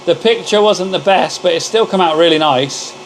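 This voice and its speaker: Brief: male live-stream host, relaxed chatty delivery, friendly greetings to viewers, clear background machine noise. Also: sits high, moderate pace, rough recording. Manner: chatty, greets viewers and calls them mate. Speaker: livestream host. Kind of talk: casual live-stream chat. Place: home workshop with laser machines.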